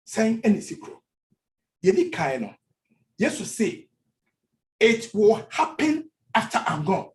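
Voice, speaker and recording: A man's voice: high-pitched, sing-song, measured pace, long pauses. A male pastor with a Ghanaian accent preaching a sermon in church, switching between languages and repeating phrases for emphasis.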